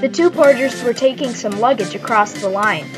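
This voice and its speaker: A woman's voice: a little high, moderate pace, poor audio. Woman reading a storybook aloud. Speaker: storybook narrator. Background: background music.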